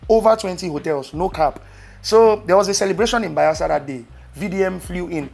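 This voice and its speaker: A young Nigerian man with a Nigerian accent, casually telling travel stories to camera with loud exclamations. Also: high-pitched, a little fast, vocal fry. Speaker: vlogger.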